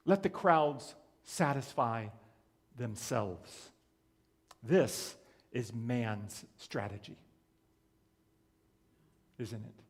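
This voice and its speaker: A man's voice: medium pitch, very slow, long pauses, husky. A man preaching a sermon as pastor, asking rhetorical questions and chuckling as he goes.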